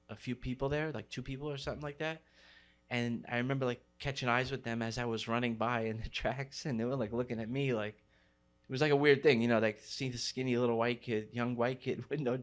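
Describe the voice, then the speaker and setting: New man telling a street story. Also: medium pitch. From New York City. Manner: street slang, many fillers. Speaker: graffiti writer. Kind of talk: storytelling interview.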